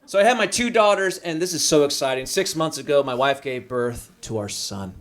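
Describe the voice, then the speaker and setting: A man in his thirties doing a stand-up set at a small restaurant comedy night, talking into a handheld mic. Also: brisk. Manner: lively, jumps into high voices for quoted people.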